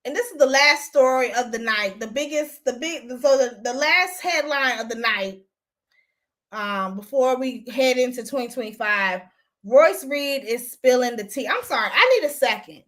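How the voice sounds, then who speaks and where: A woman's voice: on the high side, animated, moderate pace, fairly bright tone. A young woman hosting a gossip recap show, ranting bluntly and profanely in casual commentary.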